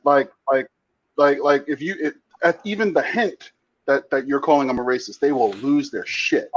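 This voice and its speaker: A man's voice: medium pitch, moderate pace, lo-fi sound. A man co-hosting a heated casual discussion, talking bluntly and emphatically with frequent profanity and repeated false starts. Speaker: podcast co-host.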